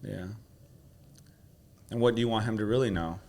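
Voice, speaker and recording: A man's voice: lowish voice, normal speed, vocal fry, a little mellow. A man coaching his host through questions, then telling a personal story with emotion. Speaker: guest coach.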